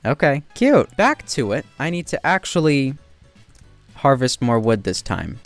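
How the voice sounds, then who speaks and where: A man giving casual, joking commentary while playing a game, getting excited and loud when he spots something new. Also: measured pace, no room sound, faint music behind. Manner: excitable, jumps to high squeals when spotting birds; self-deprecating, joking asides. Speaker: gaming video creator.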